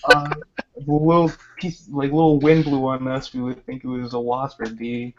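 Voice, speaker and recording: A man's voice: mid-range voice, little pitch movement, normal speed. A young man telling a story in casual chat, rambling with lots of fillers and laughs. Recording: dull lo-fi voice chat.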